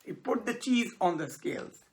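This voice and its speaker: A teacher telling a moral story to children, pausing to explain words as they go. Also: medium pitch. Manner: explains words, slow and animated.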